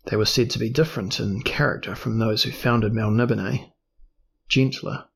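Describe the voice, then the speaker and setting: A man's voice: medium pitch, steady tone, vocal fry, fairly bright tone, a little hiss or hum. A man reading a cunning explorer duke. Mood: probing. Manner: deliberate, probing. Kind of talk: audiobook character reading.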